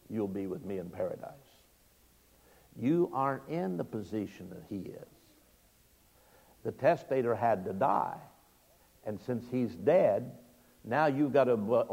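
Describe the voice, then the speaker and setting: Gravelly male preacher in echoing hall. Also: on the low side, mellow. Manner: folksy, illustrative preaching with emphatic rises. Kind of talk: sermon. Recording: long reverb of a large hall.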